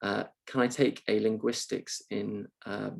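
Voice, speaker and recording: A man's voice: lowish voice, flat delivery, unhurried, vocal fry, darkish tone. A male university lecturer answering questions in a live online session, thoughtful and hesitant with many ums and uhs, speaking on a video call.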